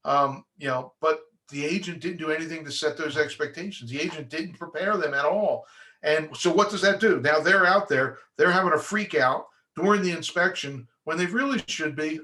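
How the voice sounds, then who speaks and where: Man, middle-aged home inspector, bright slightly high voice, chatty training-talk delivery with frequent restarts. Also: moderate pace. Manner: conversational, restarts often, acts out clients' voices. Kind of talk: training talk for real estate agents.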